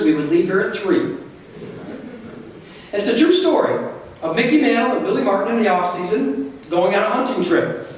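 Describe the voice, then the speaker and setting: A man pastor preaching a sermon, telling stories with lively swings in pitch and loudness. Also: slight background noise. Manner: animated storytelling with wide swings in pitch and loudness. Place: church sanctuary. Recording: very echoey church, from far off.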